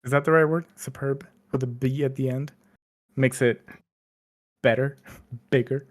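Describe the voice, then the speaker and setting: A man's voice: medium pitch, fairly even intonation, unhurried. A man co-hosting a podcast, chatting casually with lots of fillers and restarts. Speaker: podcast co-host. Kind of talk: casual chat.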